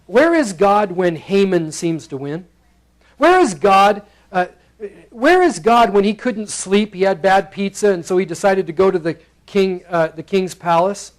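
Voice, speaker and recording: Male pastor, high voice, playful sermon delivery that slips into character voices. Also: animated, measured pace, rough recording. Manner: playful, acts out the characters in bursts. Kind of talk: expository sermon. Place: church sanctuary.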